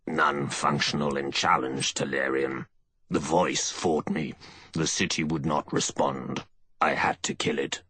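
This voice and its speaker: A man doing a rasping proud warrior. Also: a bass voice, little pitch movement, unhurried, pushed and bright, dry recording, heavily acted. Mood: urgent. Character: harsh, proud male warrior. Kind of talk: audiobook character voice.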